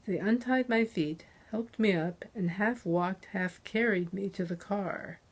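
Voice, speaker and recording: A woman author reads her own first-person crime novel at an unhurried pace. Her narration is measured and deliberate, and her voice sits in a middle register. She is close on a dynamic microphone. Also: medium pitch, slightly rough. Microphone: close handheld dynamic USB mic.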